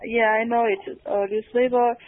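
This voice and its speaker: A woman's voice: a little high, flat delivery, normal speed, no echo. A woman from China learning English in a lesson over a call, hesitant, with many fillers and restarts. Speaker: English student. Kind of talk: online language lesson. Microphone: video call. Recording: tinny call audio.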